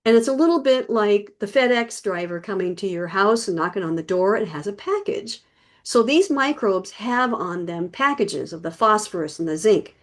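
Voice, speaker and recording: A woman's voice: medium pitch, expressive, moderate pace. A middle-aged woman teaching an online gardening class, explaining in a chatty, folksy way with homely comparisons.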